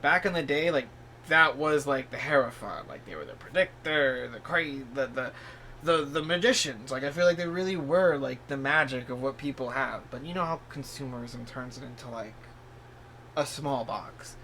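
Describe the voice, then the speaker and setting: A man giving a casual tarot reading in a vlog. He talks in a rambling, encouraging way, full of "like" and "you know", and breaks into sudden high-pitched bursts of surprise. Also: animated, moderate pace, bright, forceful tone, slight background noise. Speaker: tarot reader.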